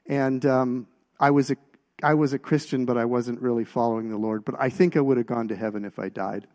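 A middle-aged man preaching a personal testimony, telling stories with halting restarts and getting louder at the punchlines. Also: medium pitch, steady tone. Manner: storytelling, halting restarts, rises in volume at punchlines.

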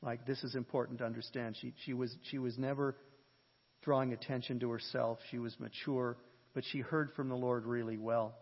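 A man preaching a sermon, telling a story in an animated way, with a husky voice. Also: medium pitch, fairly quick. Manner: animated, jokes and shouts at peaks. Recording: lo-fi sermon audio with long hall reverb.

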